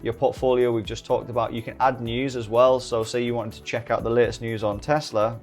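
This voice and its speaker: A middle-aged British man giving a relaxed software walkthrough tutorial, full of joking, rambling asides. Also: medium pitch, a little fast, faint music behind. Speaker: day-trading YouTuber. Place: home desk early morning.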